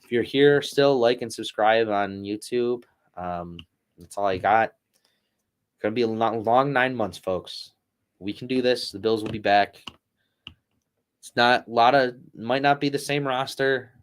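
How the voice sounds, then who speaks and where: A man's voice: mid-range voice, a little slow, clean tone. A man co-hosting a casual sports podcast, rambling with lots of "like" and laughing at his own stories. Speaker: podcast co-host.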